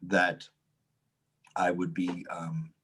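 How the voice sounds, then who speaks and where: A man with a slightly low, husky voice spins a loose, profane story in casual conversation. He acts out the voices of the people in it and laughs his way through the telling. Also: drawn-out words. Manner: animated anecdote, acts out quotes, laughs often, swears. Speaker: Taoist teacher, podcast co-host.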